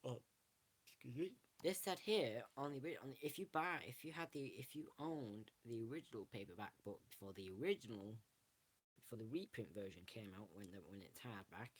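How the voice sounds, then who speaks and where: A man's voice: medium pitch, lively intonation, a little fast, breathy edge. A man, casually showing a book on camera and rambling through it with frequent restarts. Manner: rambling, restarts often, self-correcting. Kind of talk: casual show-and-tell.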